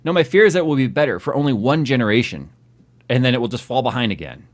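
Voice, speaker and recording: A man's voice: medium pitch, lively intonation, quick pace. A man hosting a tech live stream, chatting casually and teasing his co-host. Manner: teasing, joking.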